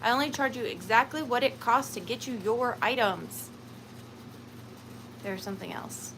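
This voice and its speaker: A woman talks into her camera during a casual live vintage sale, rambling and laughing as she goes. Her voice sits a little high. A faint steady noise runs behind her. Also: moderate pace, rough recording. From Georgia, USA. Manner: chatty, rambling, laughs often, lots of fillers. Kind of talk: casual livestream chat.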